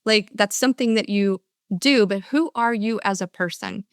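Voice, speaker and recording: Older woman with a smooth earnest voice. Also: mid-range voice, normal speed, no echo, clean studio sound. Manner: earnest, repeats and restarts, acts out audience answers. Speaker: speaker and coach. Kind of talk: motivational talk.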